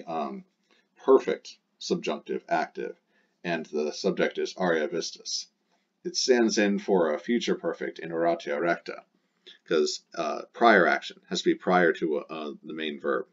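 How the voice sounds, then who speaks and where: Deep-voiced man teaching a lesson. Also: muffled recording. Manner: explanatory, with frequent hesitations and bursts of emphasis. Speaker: Latin teacher.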